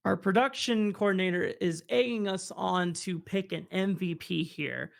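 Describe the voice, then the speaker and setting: A man casting a video game match, fast play-by-play that climbs to shouting in fights. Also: sits high, vocal fry. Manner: excited, shouting during fights. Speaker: esports caster. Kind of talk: play-by-play commentary.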